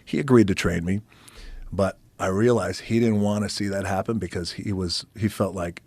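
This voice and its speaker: A middle-aged man with a deep, husky, gravel-edged voice tells casual stories as a podcast guest, swearing freely. He sometimes drops into a hushed near-whisper. The sound is close-miked and dry. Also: steady tone, moderate pace, no room sound. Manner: gravelly, shifts to hushed near-whispers when retelling quiet moments; swears casually, laughs between anecdotes. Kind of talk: casual storytelling.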